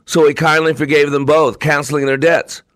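A man's voice: on the high side, little pitch movement, normal speed, fairly bright tone, no echo. A man hosting his own talk show, delivering an emphatic, repetitive, preacher-like monologue. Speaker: show host.

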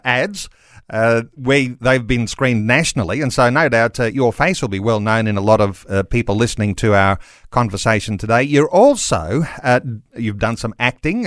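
A man hosting a live radio interview, speaking in a measured way with frequent pauses. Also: medium pitch, fairly bright tone, clear, resonant tone, no room sound, studio quality. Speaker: radio host.

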